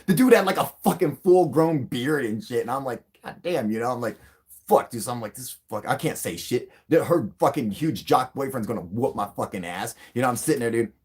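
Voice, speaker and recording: A man's voice: medium pitch, darkish tone, breathy edge. A man hosting a live stream, telling a rambling, profane story with frequent laughter. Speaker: livestream host.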